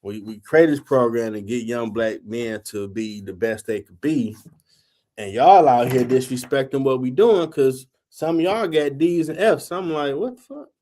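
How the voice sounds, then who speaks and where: A man's voice: medium pitch, unhurried, mellow. A man in his forties, the host, telling a story casually and profanely, acting out quotes in a raised voice.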